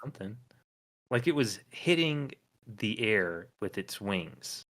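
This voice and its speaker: A man's voice: on the low side, big pitch swings, slow pace, fairly bright tone. A man co-hosting a casual comedic podcast, reading listener comments aloud and chuckling often. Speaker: podcast co-host.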